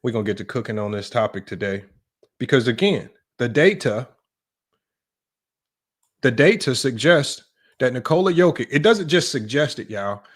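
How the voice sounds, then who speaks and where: A man's voice: medium pitch, expressive, normal speed, long pauses. A man hosting a livestream sports talk show, emphatic and repetitive, tossing in "right?" and "y'all" as he argues a point. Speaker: sports channel host.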